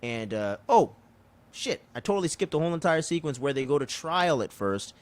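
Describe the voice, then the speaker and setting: A podcast co-host with a rather high voice recaps an episode in casual chat, very animated, telling it loosely and with plenty of profanity while tossing in quick impressions of the characters.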